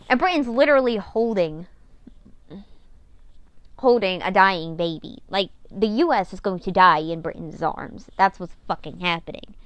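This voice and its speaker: A woman retells the plot of her old series in a casual, rambling way, swearing now and then and poking fun at herself. Her voice is clear and smooth, at a middle pitch. The recording is dry and close. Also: expressive, moderate pace, dry recording. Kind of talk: casual storytelling.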